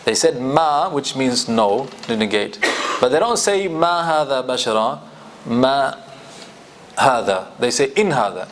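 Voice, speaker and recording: A man's voice: mid-range voice, animated, normal speed. A man with a British accent teaching a Quran commentary class, explaining verses in English and reciting the Arabic between his points. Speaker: Islamic studies teacher.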